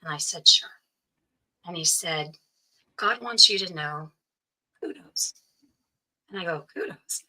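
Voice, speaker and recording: A woman, a guest in an interview, telling a personal story and acting out the voices of the people in it, often dropping to a hush. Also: lowish voice, unhurried, long pauses, low-quality recording. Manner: acts out quoted voices, often drops to hushed tones.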